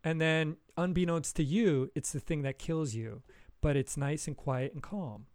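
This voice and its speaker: A man's voice: fairly high pitch, unhurried, darkish tone, no room sound, studio quality. A man in his forties rambling through a casual podcast chat and laughing often while he tells stories. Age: 40s. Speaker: podcast co-host.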